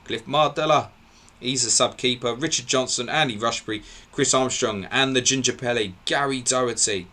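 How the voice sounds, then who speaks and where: Brisk man reading team line-ups. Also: mid-range voice, bright, forceful tone. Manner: brisk, reels off names in lists, laughs at his own slips. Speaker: podcast host. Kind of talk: live football game commentary, reading team line-ups.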